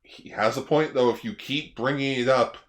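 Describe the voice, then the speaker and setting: A man's voice: medium pitch, moderate pace. A young man co-hosting a podcast in casual chat, laid-back and making dry jokes. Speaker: podcast co-host. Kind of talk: casual chat recapping an episode.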